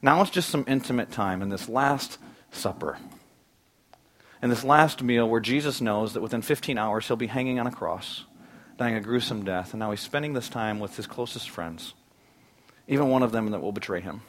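Guy preaching a sermon, earnest, talky, then gets real loud on key points. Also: mid-range voice, moderate pace, a little hiss or hum. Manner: earnest preaching with sudden bursts of emphasis. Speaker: pastor.

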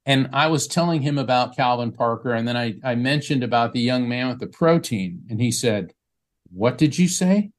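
A man's voice: mid-range voice, brisk, hardly any pauses. A man appearing as a guest psychic medium, telling a story in an interview and acting out the people he quotes. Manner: animated storyteller who acts out quoted speech. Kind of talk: storytelling in a talk show interview.

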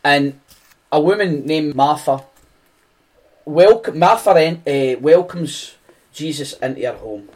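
A Scottish man preaches in an earnest, conversational way, often circling back and restarting his phrases. His pace is unhurried and his voice sits a bit higher than most men's. It has the loose, spoken feel of a sermon to a small group. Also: a little mellow.

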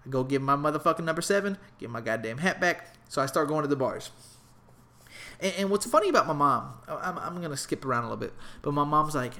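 A young adult man telling a comedic travel story in a casual, animated, profane and rambling way. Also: fairly high pitch, quick pace.

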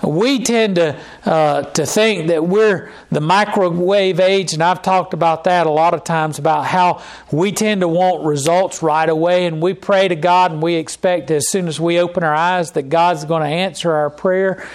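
A man's voice: on the high side, fairly even intonation, moderate pace. A man preaching a sermon. He reads scripture aloud, then preaches with fervent, pleading outbursts.

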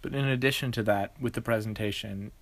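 A woman's voice: very deep voice, brisk. A woman co-hosting a podcast, talking casually and explaining her points at length. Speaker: podcast co-host. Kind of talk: casual chat.

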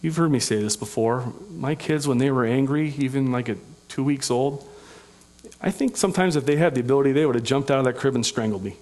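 A middle-aged pastor preaching a sermon in an earnest, conversational way, with folksy asides and humor. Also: male voice, medium pitch, brisk, a little mellow.

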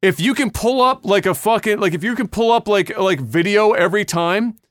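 A man's voice: sits high, a little fast, a bit bright, no room sound, studio quality. A man hosting a casual podcast, ranting bluntly and heatedly with lots of swearing. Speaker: podcast host.

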